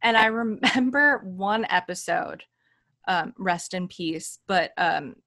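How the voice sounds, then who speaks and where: Unhurried woman podcast host. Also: fairly low pitch, animated, creaky, pushed and bright. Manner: laughs while telling anecdotes, emphatic asides. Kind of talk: casual chat.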